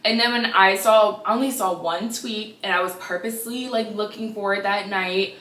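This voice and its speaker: A woman in her twenties hosting a casual gossip podcast, chatty and animated with sassy asides. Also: mid-range voice, moderate pace, far from the mic. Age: 20s. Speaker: podcast host. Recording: echoey room, a bit off-mic.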